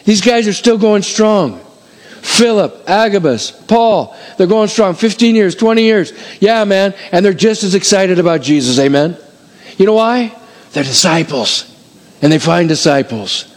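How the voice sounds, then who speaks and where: A middle-aged man preaching a sermon as pastor, calling out to his congregation in an animated way. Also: high voice, unhurried. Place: church hall before a congregation.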